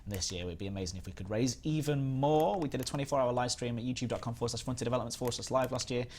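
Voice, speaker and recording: A man's voice: mid-range voice, very fast, darkish tone, slight background noise. Chatty Northern English man streaming. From England. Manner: rambling, chatty, reads chat aloud. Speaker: live stream host. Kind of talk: casual gaming stream chat.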